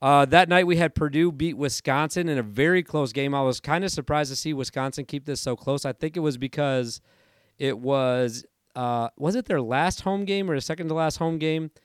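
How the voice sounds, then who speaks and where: A man in his thirties hosting a casual sports podcast, chatty and rambling, his voice hoarse from allergies. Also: fairly high pitch, moderate pace, dry recording, clean studio sound. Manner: chatty and rambling, self-correcting. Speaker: podcast host.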